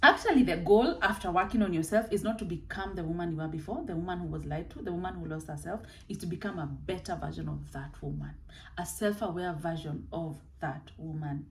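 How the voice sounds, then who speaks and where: A woman's voice: lowish voice, a little fast, fairly bright tone, slight background noise, poor audio. A woman, a life coach giving a heartfelt motivational talk and repeating phrases for emphasis. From Kenya.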